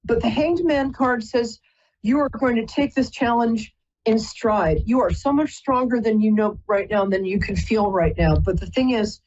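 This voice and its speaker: A woman's voice: on the high side, moderate pace, darkish tone, highs cut off. A woman hosting a live call-in psychic reading, chatty and rambling, often stopping to apologize. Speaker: psychic reader and host.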